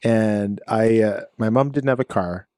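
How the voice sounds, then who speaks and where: A man's voice: on the low side, mellow, no echo, studio quality. Playful man in his forties. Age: 40s. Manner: playful, quick banter. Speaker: podcast co-host. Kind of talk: casual chat.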